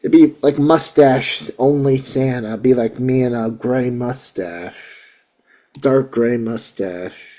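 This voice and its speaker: A man in his forties hosting a casual chat show, excitable and rambling, often repeating himself. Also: mid-range voice, slow. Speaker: host.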